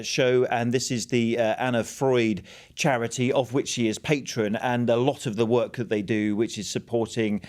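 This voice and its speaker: A man's voice: mid-range voice, darkish tone. Man explaining with frequent hesitations. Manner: halting, with many fillers. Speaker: royal editor. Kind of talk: news discussion.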